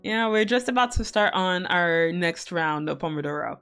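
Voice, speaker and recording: A woman's voice: lowish voice, lively intonation, normal speed, a bit bright, smooth, faint music behind. A young woman hosting a co-working stream, chatting casually with viewers in a rambling way, full of fillers, swearing and laughter.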